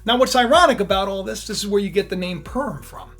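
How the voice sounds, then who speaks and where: A man retelling a Bible story in a casual, animated sermon, chatty and often laughing. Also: high voice, fast, faint music behind. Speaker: preacher, storyteller.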